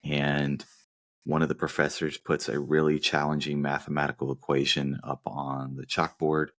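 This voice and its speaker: Very deep-voiced man co-hosting a podcast. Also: monotone, moderate pace, a bit bright. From Southern United States. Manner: teasing, rambling plot summaries. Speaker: podcast co-host. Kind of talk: casual movie-review chat.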